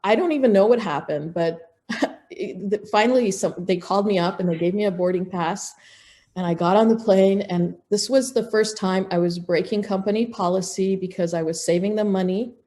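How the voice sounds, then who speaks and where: Woman guest spilling a story, mellow tone, middle pitch, lots of restarts. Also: normal speed. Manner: animated, acts out quoted dialogue, frequent restarts. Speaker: podcast guest. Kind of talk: casual storytelling in an interview.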